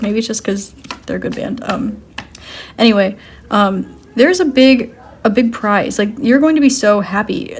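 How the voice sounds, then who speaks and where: A woman giving a casual intuitive card reading, rambling with many "um"s and "like"s and laughing easily. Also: medium pitch. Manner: rambling, full of "um" and "like", giggly. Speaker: tarot card reader.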